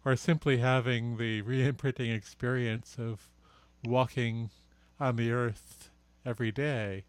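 A man speaking as a guest, slow and reflective, his words measured and unhurried. His voice is smooth and resonant, recorded dry and close. He is recovering from surgery. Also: medium pitch, steady tone, no room sound. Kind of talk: reflective spiritual talk.

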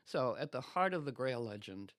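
Brief: male guest storyteller, animated, casual restarts, mid pitch, dry close mic. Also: normal speed, no echo.

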